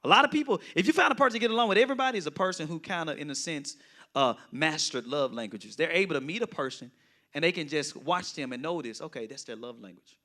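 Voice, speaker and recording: A man's voice: fairly high pitch, fast talker, pushed and bright. A man, a pastor teaching a Bible study in a conversational way, often checking in with the listeners. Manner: conversational, often asks the audience "right?".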